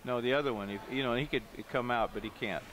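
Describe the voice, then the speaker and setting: A man's voice: medium pitch, quick pace. A man doing live commentary on a pool match in a pool hall, thinking aloud about each shot. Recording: noisy live venue stream.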